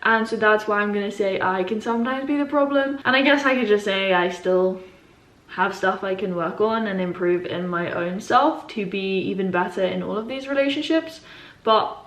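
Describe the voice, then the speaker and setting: A woman's voice: mid-range voice, moderate pace, fairly bright tone, roomy sound. A young woman in her twenties chatting casually to camera as a vlogger, rambling with many fillers. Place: indoors at home.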